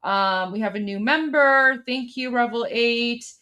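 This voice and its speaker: A woman's voice: a little high, unhurried, pushed and bright. A woman co-hosting a live stream, chatting casually and bluntly as she reads out viewer messages, with plenty of "like" and "um".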